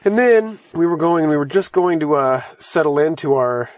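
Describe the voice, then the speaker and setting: A young man casually telling a travel story with his partner from inside a camper van, steady and relaxed, filling in details. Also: a little high, moderate pace, dry recording, studio quality. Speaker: travel vlogger.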